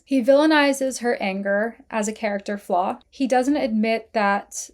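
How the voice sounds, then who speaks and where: A woman's voice: on the high side, measured pace, few pauses. A young woman with a tired, strained voice hosting a casual film review and animatedly analyzing characters. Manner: animated, acts out characters' lines while retelling scenes.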